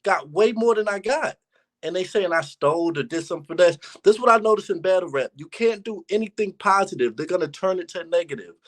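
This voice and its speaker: A man's voice: high-pitched, lively intonation, fast, a bit bright. A young man in a casual interview, telling stories candidly and reflectively in street slang. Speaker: battle rapper, interview guest. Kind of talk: casual conversation.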